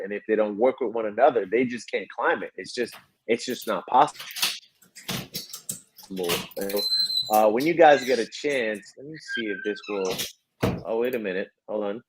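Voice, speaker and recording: A man's voice: lowish voice, moderate pace. A man hosting a video call, chatting casually as he shares his screen and hypes up a clip. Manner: excited, repetitive hype, shouting over clip. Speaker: podcast host. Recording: loud crowd and noise from the played clip.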